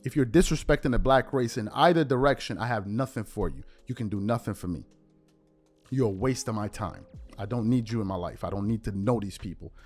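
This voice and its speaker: Bronx guy ranting on his show, keeps hammering points, gets loud and indignant, music faint behind. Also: fairly low pitch, brisk. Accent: New York (Bronx). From United States. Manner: emphatic, repetitive, rising to indignant outbursts. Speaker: show host. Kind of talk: heated commentary monologue.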